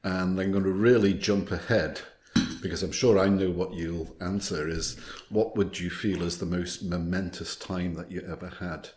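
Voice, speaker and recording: A man's voice: sits low, fairly even intonation, normal speed, darkish tone. A man hosting a podcast interview, asking questions and giving short prompts. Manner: brief prompts and backchannels. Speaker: podcast host. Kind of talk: casual interview. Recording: roomy echo, faint noise.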